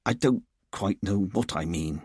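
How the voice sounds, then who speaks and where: A man's voice: lowish voice, very animated, moderate pace, breathy edge, no echo, studio quality. A man reading a stiff, formal police chief who gets flustered and stammers, in an audiobook.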